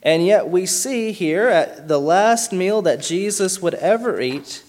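Male pastor delivering a sermon, a touch higher than most men, earnest, leans on key words. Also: animated, darkish tone. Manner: earnest preaching with slow emphatic stresses on key words.

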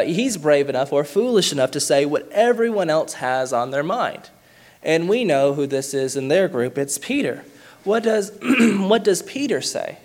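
Earnest preaching man, slightly high voice. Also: a little mellow. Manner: earnest preaching with slow emphatic stresses on key words. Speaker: pastor. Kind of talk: sermon.

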